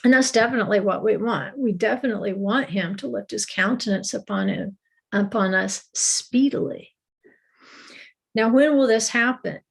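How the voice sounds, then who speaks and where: A woman gives a recorded Bible lesson in a voice of ordinary middle pitch. She explains at an easy teaching pace, circling back with small restarts and the odd quiet laugh. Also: normal speed, creaky, slightly rough.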